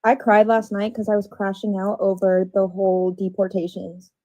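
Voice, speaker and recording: A woman's voice: mid-range voice, completely flat delivery, normal speed, a little mellow, dry recording, poor audio. A teenage girl chatting casually, rambling, with lots of fillers. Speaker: guest. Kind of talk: casual chat.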